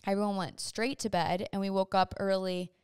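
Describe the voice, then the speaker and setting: A woman's voice: medium pitch, fairly even intonation, normal speed, clean tone, no echo, studio quality. A young woman hosting a casual chat with her mom, chatty and often laughing. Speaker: host.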